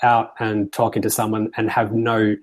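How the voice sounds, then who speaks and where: Man, lowish voice, hesitant, searching for words, casual chat. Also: completely flat delivery, normal speed. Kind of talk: casual discussion.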